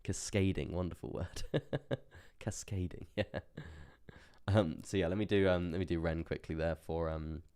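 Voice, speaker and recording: A man's voice: deep voice, steady tone, a little slow, a little mellow, clear, resonant tone. A young man hosting a crypto livestream, chatting casually about charts, laughing often and repeating himself as he reads the chat. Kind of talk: casual live market commentary.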